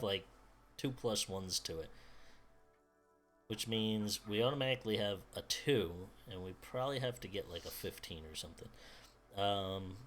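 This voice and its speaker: A man's voice: sits low, fairly bright tone. A young man streaming a video game, reading its dialogue aloud with casual asides and fillers. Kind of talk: reading game text aloud while playing.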